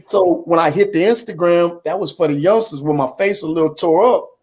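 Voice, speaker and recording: In his fifties, this man is an interview guest sharing his story over a video call from his computer. His voice is slightly higher than the typical man's, brisk and a bit mellow, and he plays both parts of old conversations while constantly tossing in "man."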